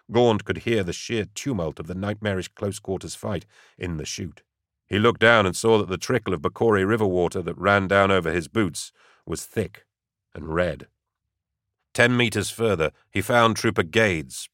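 A man narrating an audiobook in a steady, dramatic way. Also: low-pitched, normal speed, no echo, clean studio sound.

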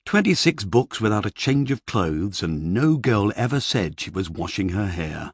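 A man voicing a flustered male writer, fussy, rambling, exasperated, husky, animated delivery. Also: lowish voice, moderate pace, no room sound, clean studio sound, full character voice. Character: flustered middle-aged male fantasy writer.

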